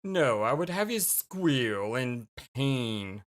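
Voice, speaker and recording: A game streamer reading a composed male prosecutor in a lower, slow, cutting voice. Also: sing-song. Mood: cold. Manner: low, deliberate and cutting.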